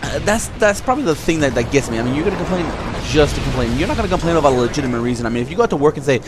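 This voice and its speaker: A man's voice: on the high side, very fast, background noise. A man talking to his viewers in a casual, rambling monologue, telling stories and giving his opinion. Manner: rambling, animated storytelling. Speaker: video blogger.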